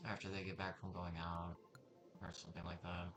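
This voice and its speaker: A man's voice: low voice, completely flat delivery, a little fast. A young man telling a rambling personal story in a casual way, with many fillers and restarts. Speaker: vlogger. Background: music.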